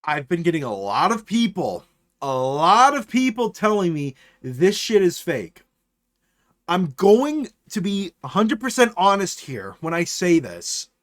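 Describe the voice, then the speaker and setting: A man's voice: sits high, a little slow. A man streaming live, talking casually and ranting with lots of swearing. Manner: animated, profane ranting.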